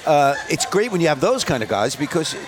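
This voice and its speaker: A man's voice: a little high, a little fast. Candid older man telling rock stories. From United States. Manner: candid, profane, animated when telling stories. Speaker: interview guest, rock singer. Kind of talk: casual interview storytelling. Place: outdoors at a festival.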